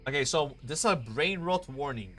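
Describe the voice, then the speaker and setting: A man's voice: fairly high pitch, lively intonation, moderate pace, sharp tone, soft background music. A young man chatting casually on a stream, rambling, swearing and filling with "like" and "you know.".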